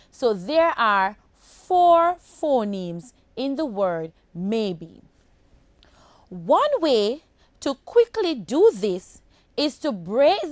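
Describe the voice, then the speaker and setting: A Jamaican woman teaching a phonics lesson to children at a very unhurried pace. Her fairly high voice rises and falls a lot as she sounds out each word. The recording is close and dry. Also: darkish tone, no room sound. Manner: slow, deliberate, addresses children as boys and girls.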